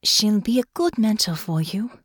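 A woman voicing a tentative upper-class mother in her late thirties, low and smooth-voiced, with an upper-class accent. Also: expressive, moderate pace, no echo, clean studio sound.

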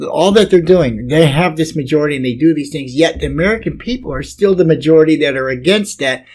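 A man hosting a casual political talk show, rambling and often repeating words as he starts a sentence. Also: medium pitch.

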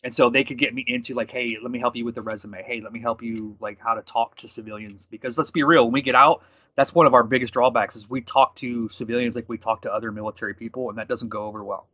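A man in his thirties telling a story from his working life in a quick, animated conversational way, quoting people as he goes. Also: mid-range voice, no echo, highs cut off. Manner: fast, animated storytelling with quoted dialogue. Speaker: guest.

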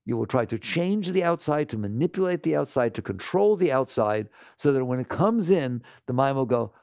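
A man teaching spiritual ideas to a live audience, rhetorical and animated, constantly asking the listeners questions. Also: medium pitch, moderate pace, no room sound, clean studio sound. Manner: animated, slips into mocking quoted voices.

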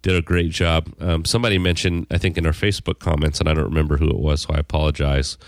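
Podcast co-host, man, very low voice, dry close sound, rambling casual talk. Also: flat delivery, fast talker, no room sound. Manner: rambling, frequent restarts. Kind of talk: casual TV discussion.

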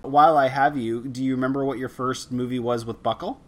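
A man's voice: medium pitch, steady tone, brisk. A man hosting a film podcast, chatting casually with a guest in a rambling, self-deprecating way with frequent restarts. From Canada. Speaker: podcast host. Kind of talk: casual interview chat.

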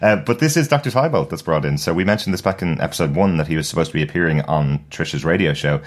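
A man co-hosting a podcast, calmly explaining background details. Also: rumbling low, quick pace. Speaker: podcast co-host. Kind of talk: casual chat.

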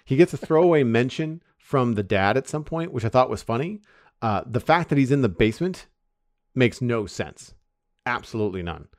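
A man's voice: mid-range voice, lively intonation, moderate pace, dry recording, clean studio sound. A man hosting a casual podcast chat, hesitant and full of fillers as he gives his opinion. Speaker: podcast host.

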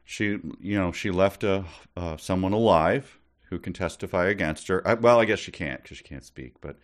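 Deep-voiced exasperated man. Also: moderate pace. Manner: exasperated, sardonic, laughing. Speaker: podcast co-host and writer. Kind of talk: comedic book-reading podcast chat.

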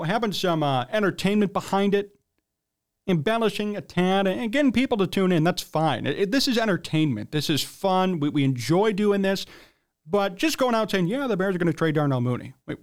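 Emphatic high-voiced male sports talk host. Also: lively intonation, a little fast. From United States. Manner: emphatic, blunt, incredulous. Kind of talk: opinionated sports commentary monologue.

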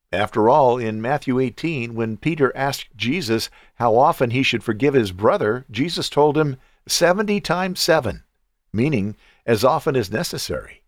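A man's voice: mid-range voice, no echo, studio quality. A man hosting a devotional podcast, who speaks in an earnest, encouraging, pastoral way. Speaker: podcast host.

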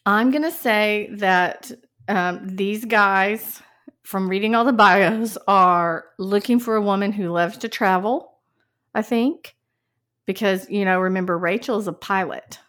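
A woman co-hosting a podcast in casual chat, chatty and quick to laugh. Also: medium pitch, a bit bright. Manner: slow, chatty, laughs easily. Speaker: podcast co-host. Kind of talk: casual chat about a dating show.

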